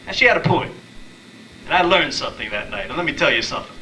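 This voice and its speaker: A man in his thirties doing a stand-up comedy set, telling dating stories deadpan and acting out the quotes. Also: on the high side, fast, distant mic, slight background noise, poor audio. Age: 30s. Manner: deadpan storytelling with acted-out quotes. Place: small live comedy venue.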